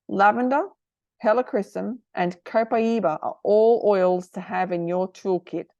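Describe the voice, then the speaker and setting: A middle-aged woman host talking earnestly to parents, sometimes moved to emotion, giving gentle advice. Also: mid-range voice, creaky, no echo. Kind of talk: casual product talk to parents.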